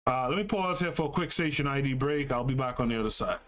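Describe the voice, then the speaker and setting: A man's voice: mid-range voice, fast, a bit bright. A man hosting a livestream podcast, reading passages aloud and commenting on them in a conversational way, often checking in with "right?". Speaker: podcast host.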